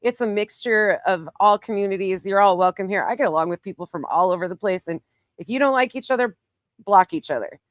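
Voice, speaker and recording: A woman's voice: mid-range voice, fairly quick, no echo, clean studio sound. A woman hosting a casual livestream, rattling off viewer names and chatting back to her chat with frequent swearing. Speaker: livestream host. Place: home, with planes passing overhead.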